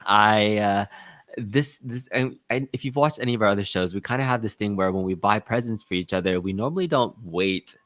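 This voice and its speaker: A man's voice: on the low side, fairly quick, no room sound. A man co-hosting a casual live chat show, upbeat and greeting viewers by name, with plenty of ums and uhs. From Los Angeles area. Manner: upbeat, shouts out viewers by name, many fillers.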